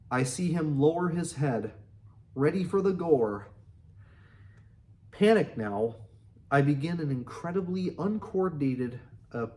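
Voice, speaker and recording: A man reading a memoir aloud in an earnest, steady way. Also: mid-range voice. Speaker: audiobook reader.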